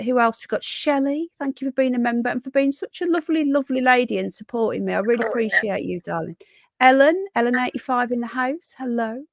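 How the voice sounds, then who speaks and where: A woman's voice: a little high, no echo. Chatty woman hosting a live stream. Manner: chatty, affectionate, greets viewers one by one. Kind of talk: casual live stream chat.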